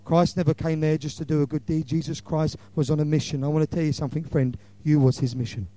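A middle-aged man preaching an impassioned evangelistic sermon, swinging between loud declarations and hushed lines. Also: fairly high pitch, fairly even intonation, fast.

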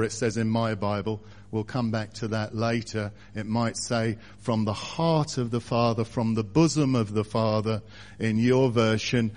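A man preaching a sermon, speaking deliberately and building to louder emphatic passages. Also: medium pitch.

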